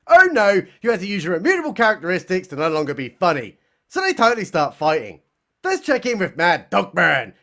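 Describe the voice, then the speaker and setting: Man, high voice, very lively pitch, sarcastic, mocking comedy recap narration. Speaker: comedy reviewer.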